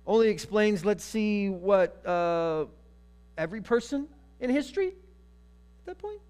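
Male pastor, casual humorous sermon, slightly higher voice. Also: expressive, a little slow, a little mellow, clean tone. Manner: conversational, humorous storytelling.

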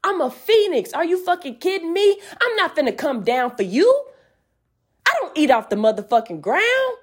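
Woman host, high voice, fiery preachy rant full of swearing. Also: very animated, moderate pace. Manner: profane, fiery, preachy and emphatic. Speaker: podcast host. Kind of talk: emphatic spiritual rant.

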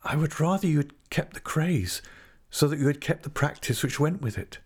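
A man's voice: on the high side, lively intonation, moderate pace, darkish tone, breathy edge, voice pushed up. A man reading an audiobook and voicing a proud, wounded young country woman in a raised voice, pleading and defiant by turns. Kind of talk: audiobook character voice.

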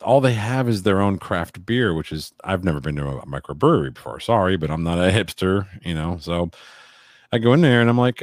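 A man's voice: low voice, lively intonation, brisk, no echo, clean studio sound. A man in a casual podcast chat, telling rambling stories with crude jokes. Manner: rambling, crude joking storyteller.

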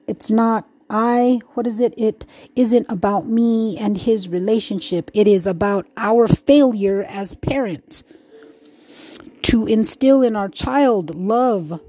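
A woman's voice: medium pitch, mellow. A middle-aged woman hosting a podcast, talking through her hurt and frustration in a raw, profane, rambling monologue full of restarts. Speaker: podcast host. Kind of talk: emotional personal monologue.

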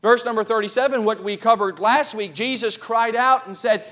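A pastor preaching to his congregation in a notably high male voice. He builds his sermon into loud, impassioned cries and stops to check that his listeners are keeping up. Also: fairly even intonation, moderate pace. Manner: asks the congregation questions. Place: church.

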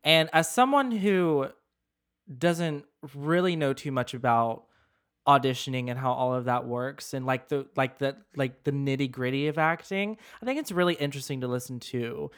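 Male podcast co-host, casual chat; clear smooth mid-range voice, hesitant and halting. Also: medium pitch. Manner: hesitant, many ums, stumbles on words.

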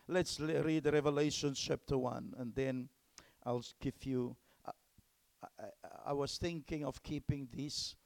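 A male pastor, preaching a sermon emphatically and swinging between loud exclamations and hushed whispers. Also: mid-range voice, vocal fry.

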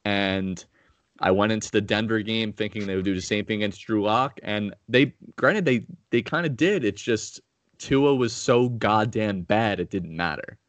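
Deep-voiced blunt podcast host. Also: male voice, normal speed, no echo. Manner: blunt, profane, opinionated. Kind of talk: casual sports betting chat.

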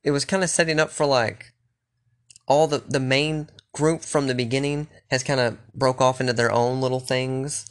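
A man's voice: medium pitch, steady tone, normal speed. A young man chatting casually and rambling, swearing freely and restarting his sentences often. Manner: loose, profane, rambling with restarts.

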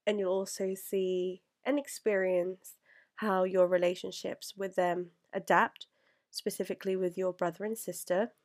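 A young woman speaks in a mid-pitched voice to her past self. She is earnest and rambling, with plenty of fillers and restarts, and sounds close to tears. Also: darkish tone. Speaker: vlogger.

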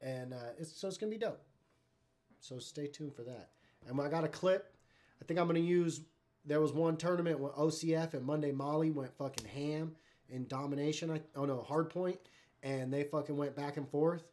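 A man's voice: on the high side, normal speed, a little mellow. A man hosting a live stream in casual chat, talking in a loose, rambling, profane way.

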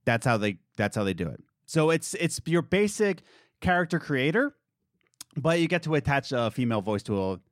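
A man hosts a casual podcast with a lively voice that swings up and down in pitch as he jokes and circles back on his points. The sound is dry and close to the mic. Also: normal speed, no room sound. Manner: animated, jokey, wordy with restarts. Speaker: podcast host. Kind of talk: casual commentary chat.

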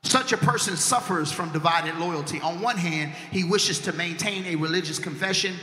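High, bright-voiced man preaching in a hall. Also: normal speed. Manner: call-and-response preaching, swings from low talk to shouting. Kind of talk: sermon. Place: church. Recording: echoey church hall with music behind.

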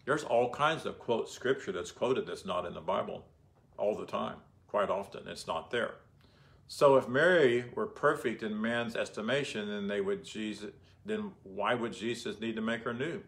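In a lowish, creaky voice with a fairly bright tone, a man teaches the Bible at a moderate pace. His style is informal and conversational, peppered with rhetorical questions for his audience.

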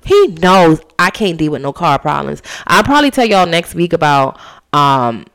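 A woman's voice: low voice, very animated, normal speed, fairly bright tone, clear, resonant tone. A woman hosting a solo podcast, talking casually and preaching with emphasis straight to her listeners. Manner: casual and chatty, often says "y'all" and "honey". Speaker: podcast host.

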